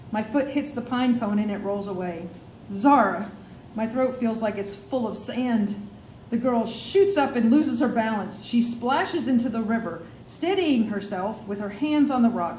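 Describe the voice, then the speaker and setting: A woman author reading her own first-person storybook in a measured, expressive way, with a few small slips. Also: a little high. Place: studio for a radio show. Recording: roomy room, faint noise.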